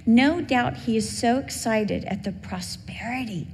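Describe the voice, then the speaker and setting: A woman's voice: on the high side, a little slow, a little mellow. A middle-aged woman preacher telling a heartfelt personal story in a sermon. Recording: long hall reverb, faint background hum.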